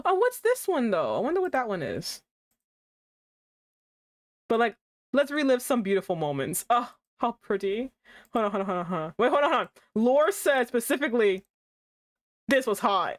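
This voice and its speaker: A young adult woman streamer giving casual commentary on a game she is playing, reacting with animated outbursts. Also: no echo. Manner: animated, swings into high exclaims.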